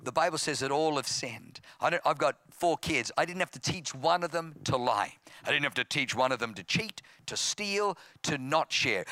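A man's voice: a little high, lively intonation, moderate pace, hardly any pauses, no echo, clean studio sound. An Australian man in his fifties, a pastor telling his testimony in a sermon, acting out voices and growing impassioned. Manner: storytelling, acting out voices, grows loud and impassioned.

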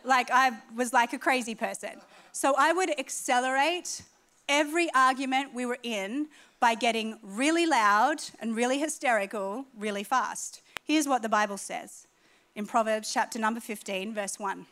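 A middle-aged woman with an Australian accent preaching a sermon, emphatic and animated, climbing in intensity on key points. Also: high-pitched, moderate pace. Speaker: pastor.

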